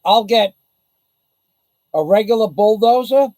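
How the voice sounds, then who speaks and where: A man's voice: high voice, expressive, measured pace, dark tone, dry recording, low-quality recording. A man hosting a casual livestream, talking bluntly and boastfully in a rambling way. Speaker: livestream host. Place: the Philippines.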